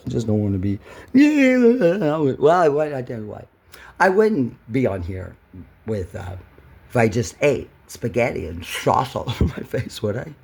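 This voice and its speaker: Gravelly, husky man rambling to camera. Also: fairly high pitch, a little mellow. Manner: emotional, repetitive, many restarts with "well". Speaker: vlogger.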